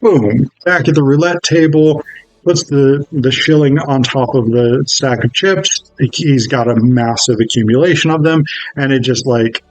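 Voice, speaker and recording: A man's voice: medium pitch, normal speed, dry recording, faint music behind, low-quality recording. A man recapping a film in a casual, rambling way, with many fillers and self-corrections. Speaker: film reviewer.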